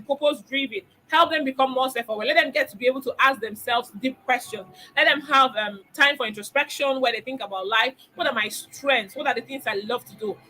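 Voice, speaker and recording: Leading a parenting webinar, a middle-aged woman coach hammers home key phrases and asks rhetorical questions. She sounds high, bright, and forceful, and the recording is low-quality with slight background noise.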